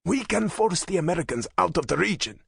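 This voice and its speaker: A fervent hardline politician with a raspy, harsh voice pushed up high, speaking with driving passion, as a male narrator puts him on. The pitch leaps around a lot, and the recording is dry and close. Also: very animated, fairly quick, fairly bright tone, no echo, heavily acted. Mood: scheming. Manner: impassioned, intense.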